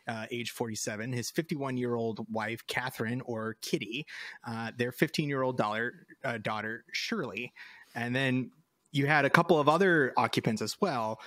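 A man's voice: mid-range voice, fairly bright tone, no room sound. A male podcast host casually recounting a paranormal case, rambling with many fillers.

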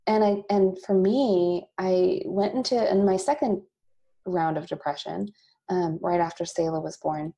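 A woman in her thirties, a company founder and podcast guest, telling a candid personal story with bursts of laughter and animated asides. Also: lowish voice, measured pace. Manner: emotional, laughs often, quotes God in animated asides.

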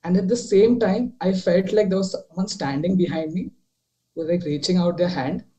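Poor audio carries a young man's high voice, moderately paced and fairly even, as he narrates a ghost story during a video call. It's a rambling account full of fillers and restarts, growing quieter in the retelling.

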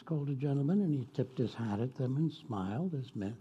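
A man's voice: mid-range voice, lively intonation, a little fast, breathy edge, muffled recording. A man, a guest minister, telling a story in a sermon with folksy, chatty asides to the congregation.

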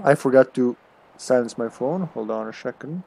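A man's voice: mid-range voice, normal speed, vocal fry, a little mellow, slight background noise. A man streaming a game, chatting casually as he plays, swearing freely and thinking aloud. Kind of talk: casual gameplay commentary.

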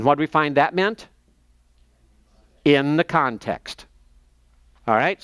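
A man in a seminary lecture, explaining texts step by step, slowing down to spell out terms and page numbers, thinking aloud as he checks his notes. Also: medium pitch, fairly bright tone, no room sound. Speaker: seminary professor. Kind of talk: classroom lecture.

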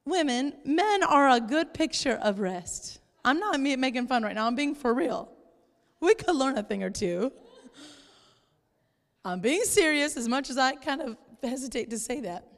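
A woman pastor preaching a sermon in church, lively and playful, sometimes acting out exasperated voices. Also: high voice, normal speed, big-room sound. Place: church sanctuary.

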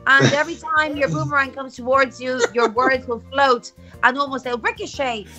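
An Irish woman with a high, bright voice chats playfully through a party game. She pitches her joke invention with animated, teasing energy. Light music plays faintly behind her. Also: normal speed, dull audio. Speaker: guest player. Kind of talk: casual game chat.

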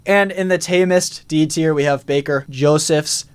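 A man's voice: a little high, fairly even intonation, normal speed, clear, resonant tone. A man casually commentating a live stream, reading out chat votes and poll results with frequent fillers.

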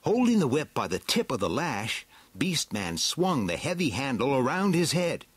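A man reading a storybook aloud with a slow, dramatic, swooping delivery. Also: mid-range voice, very animated, breathy edge, dry recording. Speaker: narrator.

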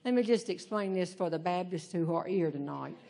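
An older woman, doing animated humorous storytelling as a stand-up comedian on stage. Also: fairly low pitch, brisk, gravelly. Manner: animated, acts out voices in her stories. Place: stage before a live audience.

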